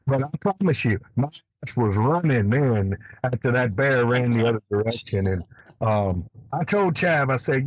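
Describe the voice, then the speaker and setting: A man telling a hunting story in a casual, animated way, swearing freely. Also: mid-range voice, normal speed, no room sound, highs cut off. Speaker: guest elk hunter.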